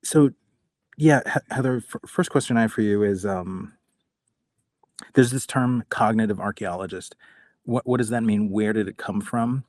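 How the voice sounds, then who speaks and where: A man hosting a live talk room, loose and joking, tripping over his first words before he lands a point. His voice sits on the low side. It sounds dry and close, with no room echo. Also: normal speed, darkish tone. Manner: chatty, joking, repeats words as he starts. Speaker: host. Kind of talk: casual live-space hosting.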